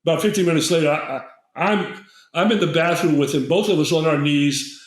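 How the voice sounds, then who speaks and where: A man's voice: fairly high pitch, fairly quick, reverberant, poor audio. Older man telling a rambling story. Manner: rambling, digressive storyteller who acts out quotes. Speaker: guest herbalist. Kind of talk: storytelling in a casual interview.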